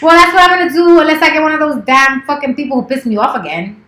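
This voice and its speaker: A woman's voice: sits high, fast, pushed and bright, roomy sound. A woman in her thirties chatting casually on a live stream, playful and teasing, swearing freely. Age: 30s. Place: office.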